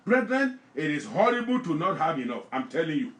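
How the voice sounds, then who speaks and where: Male pastor, fairly high voice, fervent repetitive sermon and prayer delivery. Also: big pitch swings, brisk, echoey room. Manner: fervent, repetitive preaching, rising to shouted prayer; reads scripture aloud with comments.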